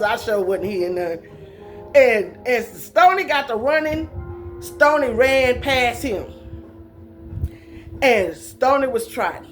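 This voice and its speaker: A woman telling a childhood story in a casual, folksy and dramatic way, laughing along as she goes. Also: a little high.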